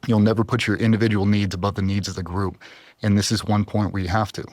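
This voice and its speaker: A man's voice: on the low side, level tone, fast, dry recording. A man, a former Navy SEAL, telling a personal story on a podcast in an intense, heartfelt, emotional way. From US East Coast.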